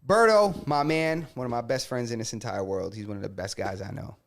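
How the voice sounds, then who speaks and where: Playful New podcast co-host. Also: male voice, medium pitch, a little fast. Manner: playful, laughs often, emphatic. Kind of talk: casual chat.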